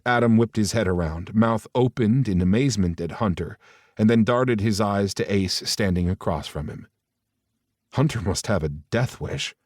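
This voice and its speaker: A male audiobook narrator reads a romance in a steady, even way. His voice sits low. The recording is dry and close, with no room sound. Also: normal speed, no room sound.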